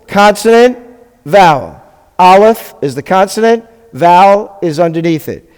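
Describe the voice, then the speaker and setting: A man with a high voice teaches a live class, speaking slowly as he drills sounds with his students. He throws in joking asides as he goes. His voice rings with the long reverb of a hall. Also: expressive, a little mellow, clean tone. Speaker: rabbi teaching a Hebrew class. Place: congregation classroom.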